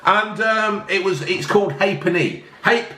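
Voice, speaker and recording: A man's voice: sits high, measured pace, sharp tone. A slightly tipsy man hosting a casual drinks review, rambling and joking as he chats. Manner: rambling, jokey, chatty. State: a bit tipsy. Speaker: vlog host reviewing drinks. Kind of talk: casual chat. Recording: roomy echo.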